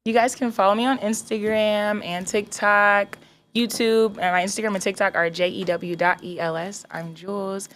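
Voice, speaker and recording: A woman's voice: medium pitch, level tone, moderate pace, a bit bright, a little hiss or hum. A young woman from North Carolina, a singer chatting casually in an interview, full of "like" fillers and upbeat. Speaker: singer guest.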